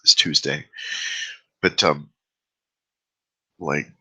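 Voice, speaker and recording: A man's voice: very deep voice, fairly even intonation, extremely slow, pushed and bright, breathy edge, low-quality recording. A man hosting his own vlog, talking candidly and at length about his fears into his own camera. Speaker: vlog host. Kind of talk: confessional vlog monologue. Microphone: own camera mic, self-recorded.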